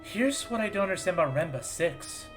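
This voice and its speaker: A man in casual let's-play commentary, chatty and a little self-mocking as he works out what to do next. His voice sits a bit high, and game music plays faintly underneath. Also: big pitch swings, brisk. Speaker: game streamer.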